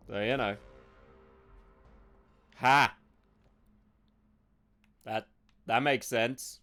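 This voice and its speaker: A man's voice: mid-range voice, steady tone, extremely slow, pauses often, sharp tone, smooth, faint music behind. A man giving sarcastic, sweary commentary while streaming a video game live.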